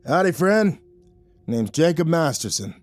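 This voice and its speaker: A man's voice: on the high side, very animated, a little slow, a little mellow, pitched above the performer's own voice. A man voicing a short-tempered drifter gunslinger who drawls and growls his threats. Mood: friendly.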